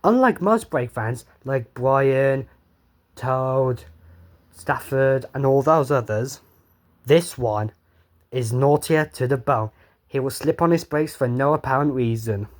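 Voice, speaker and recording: Casual male storyteller, stumbling, offhand. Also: medium pitch. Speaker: reader.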